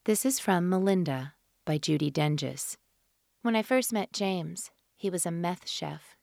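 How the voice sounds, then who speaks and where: Woman reading audiobooks, slow and measured, really low voice. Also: creaky, darkish tone, dry recording, studio quality. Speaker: audiobook narrator. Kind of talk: scripted audiobook narration.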